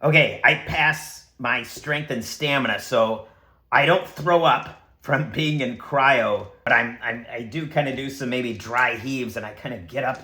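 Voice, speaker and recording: A man narrating his solo tabletop game, excitable and acting scenes out with sound effects and shouted lines. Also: mid-range voice, unhurried. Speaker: game master and solo player.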